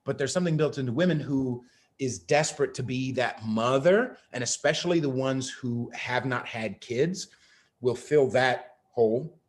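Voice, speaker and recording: A man hosting a podcast, ranting in a profane, emphatic way and sometimes shouting. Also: medium pitch, moderate pace. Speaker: podcast host.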